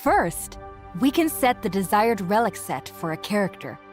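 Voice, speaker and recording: Woman voicing a lively explaining co-host. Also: medium pitch, normal speed, soft background music, close to an everyday voice. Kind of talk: scripted game broadcast explaining.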